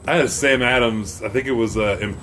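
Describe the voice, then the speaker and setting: A man's voice: mid-range voice, brisk, fairly bright tone, a little hiss or hum. Laid-back swearing man chatting. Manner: laid-back, profane, storytelling. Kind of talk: casual chat.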